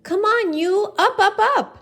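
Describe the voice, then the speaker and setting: A woman voicing a bossy, know-it-all female capybara bully with a shrill, loud voice. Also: normal speed.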